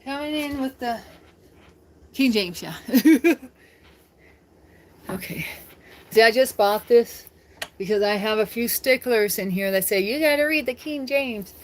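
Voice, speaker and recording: A woman's voice: on the high side, slow, long pauses. A woman from the United States chatting casually on her live stream, rambling and laughing often.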